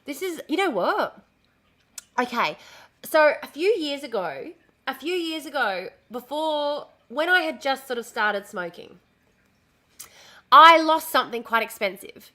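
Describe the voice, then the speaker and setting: A streamer talks slowly-ish in a high, very animated, bright, forceful voice. She shows a dress she's sewing during a casual livestream, rambling, easily sidetracked, and swearing freely.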